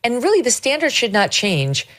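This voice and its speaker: A woman hosting a political talk show, speaking in an animated, emphatic way. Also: on the high side, moderate pace.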